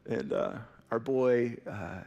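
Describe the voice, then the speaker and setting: A man's voice: medium pitch, takes it slowly, gravelly, a little mellow, highs cut off. A man in his thirties preaching a sermon as a pastor, telling stories in a conversational way with frequent "right?" asides.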